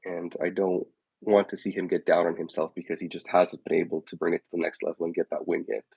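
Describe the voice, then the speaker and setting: A man co-hosting a casual chat, giving measured, thoughtful opinions. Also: low voice, level tone, gravelly, darkish tone, slightly rough, no room sound, low-quality recording. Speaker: podcast co-host.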